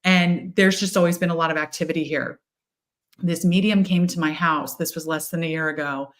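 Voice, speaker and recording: A woman co-hosting a casual spiritual chat, telling stories with lively, acted-out quotes. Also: deep voice, a little fast. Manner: animated storyteller, acts out quotes. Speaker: co-host, tarot reader.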